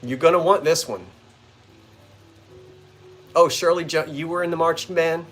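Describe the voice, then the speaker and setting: A man's voice: a little high, normal speed, a bit bright, soft background music. Chatty man hosting a live sale. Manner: chatty, playful, talks to viewers by name. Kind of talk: casual livestream chat. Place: front porch of an old bungalow.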